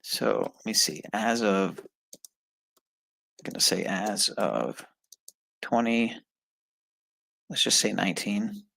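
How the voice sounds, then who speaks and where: A man streaming live mutters and swears in frustration while taking an online test and talking to his viewers. His lowish voice is slow, sharp-toned and full of vocal fry, with long pauses. The poor audio has no room sound.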